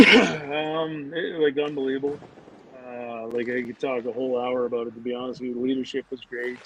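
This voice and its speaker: A man's voice: medium pitch, fairly quick, a little hiss or hum. A man, a former pro hockey player, telling rambling casual stories as a podcast guest, full of fillers and restarts. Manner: rambling, animated anecdotes with many fillers. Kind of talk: casual storytelling. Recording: dull lo-fi audio.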